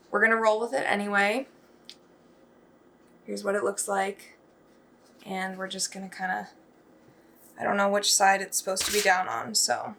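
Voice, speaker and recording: A young woman in her home kitchen, chatting casually and self-deprecatingly as she narrates her baking vlog. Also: mid-range voice. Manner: chatty and self-deprecating, bursting into excited squeals. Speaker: vlogger.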